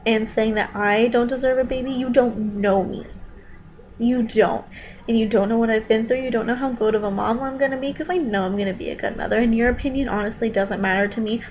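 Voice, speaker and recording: A woman's voice: on the high side, fairly even intonation, fast talker, a little mellow, a little hiss or hum, poor audio. Upset young woman ranting on camera. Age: young adult. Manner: upset, defensive, talking straight to viewers. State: near tears at times. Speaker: vlogger. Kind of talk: emotional vlog rant.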